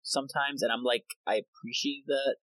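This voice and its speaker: A man's voice: medium pitch, steady tone, normal speed, fairly bright tone, dry recording, poor audio. Jokey young man in dry casual chat. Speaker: podcast co-host.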